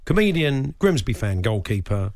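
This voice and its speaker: A man's voice: mid-range voice, big pitch swings, moderate pace, a little mellow, dry recording. A man co-hosting a radio show from a studio, rambling through jokey asides in casual chat.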